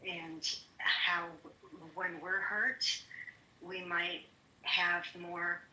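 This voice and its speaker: A woman's voice: lowish voice, drawn-out words, pushed and bright, roomy sound, a little hiss or hum, rough recording. Thoughtful woman doctor on a panel. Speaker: physician guest. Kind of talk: panel talk.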